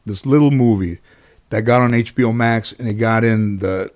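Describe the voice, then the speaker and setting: A guest in a casual interview tells long, rambling anecdotes full of fillers and restarts, livening up when he acts out the people he quotes. His voice is on the low side, at a moderate pace.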